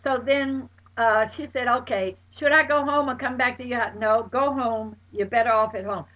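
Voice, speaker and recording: A high-voiced woman, retelling an anecdote with lively, dramatic exclamations. She voices the other people in the story herself. The recording is dull and lo-fi. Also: normal speed. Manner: exclaims loudly, acts out friends' voices. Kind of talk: animated personal anecdote.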